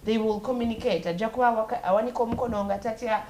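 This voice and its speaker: A woman's voice: fairly high pitch, steady tone, very fast, dark tone, reverberant, slight background noise. A Ugandan woman radio host commenting casually, switching between English and Luganda as she explains. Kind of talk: casual talk show commentary.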